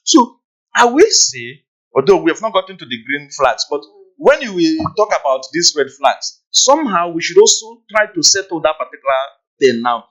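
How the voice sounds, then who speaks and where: A man's voice: a little high, sing-song, moderate pace, a bit bright, rough recording. A man talking on a podcast panel, acting out little scenes and often checking "you understand?". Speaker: podcast guest. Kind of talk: casual panel discussion.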